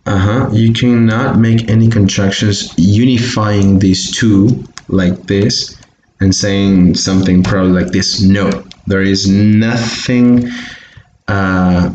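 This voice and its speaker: A man from Bolivia teaching a recorded online English lesson, modelling pronunciation slowly and carefully. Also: on the low side, steady tone, darkish tone, highs cut off, a little hiss or hum. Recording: echoey room, faint keyboard typing.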